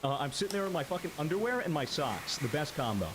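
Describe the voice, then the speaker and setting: A man's voice: on the high side, very animated, fast. A man telling a story in casual chat, swearing and laughing as he goes. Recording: loud background noise.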